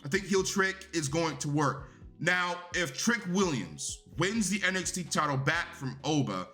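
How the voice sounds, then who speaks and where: A man's voice: on the high side, animated, unhurried, pushed and bright, faint music behind. A young man giving a casual, rambling and profane review of a wrestling show.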